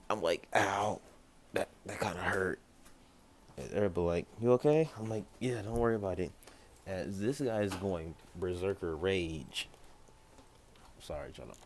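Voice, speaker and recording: A man with a very deep, low voice tells a fan story off the cuff at home. He rambles, backtracks and fixes himself mid-sentence, now and then turning aside to talk to someone nearby. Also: a little mellow, a little hiss or hum. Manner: rambling, self-correcting, with quick asides to a child nearby. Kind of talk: casual spoken fan story.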